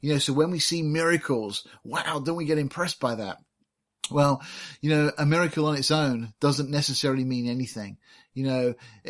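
Earnest man preaching a sermon. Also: a little high. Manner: earnest teaching, reads scripture aloud with emphasis. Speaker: pastor.

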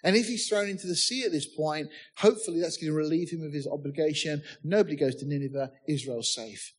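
A man's voice: high voice, slightly rough. A man preaching a sermon, reading scripture aloud and asking his listeners questions, with touches of humor. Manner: reads scripture aloud in old-fashioned wording.

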